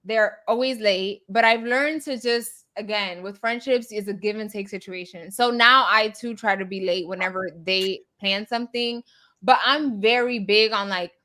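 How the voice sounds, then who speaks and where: A woman's voice: mid-range voice, a bit bright. A woman co-hosting a casual podcast, chatty and opinionated, who laughs easily. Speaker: podcast co-host. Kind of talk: casual chat.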